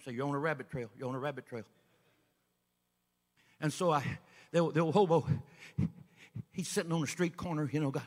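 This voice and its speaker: A man preaching a sermon as an evangelist, folksy storytelling that builds up to shouting. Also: a little high, big-room sound. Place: church sanctuary.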